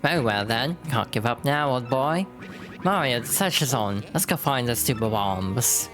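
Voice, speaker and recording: A proud old gentleman bomb from a video game addresses others formally and bluntly, as a streamer reads his lines. Faint music plays underneath. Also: mid-range voice, animated, unhurried, lightly acted. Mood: determined. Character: old seafaring Bob-omb gentleman, proper and bold.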